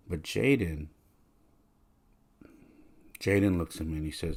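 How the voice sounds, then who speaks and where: Low gravelly man reflecting quietly. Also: measured pace, long pauses. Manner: soft-spoken, rambling with restarts. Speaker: podcast host. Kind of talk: reflective personal monologue.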